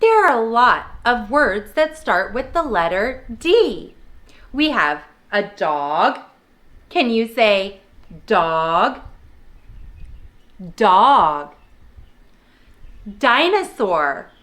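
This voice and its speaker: A woman's voice: on the high side, big pitch swings, drawn-out words, pauses often, a bit bright. A young woman teaching preschoolers, prompting little kids in a cheerful sing-song way. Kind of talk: children's lesson video.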